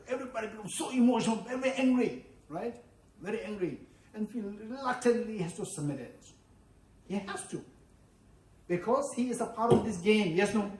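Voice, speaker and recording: A man teaching as a Buddhist teacher, animated, acting out quoted voices and often asking "yes, no?", a native Tibetan speaker. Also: high voice, a little fast. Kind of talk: dharma teaching. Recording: echoey room, from far off.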